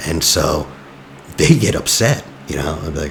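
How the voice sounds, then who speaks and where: A man with an extremely low, gravelly voice gives relationship advice in a loose, conversational way. He is blunt and a little teasing, peppering his points with "you know". A faint hiss sits under the voice. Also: expressive, moderate pace. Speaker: attachment coach. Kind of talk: casual advice talk.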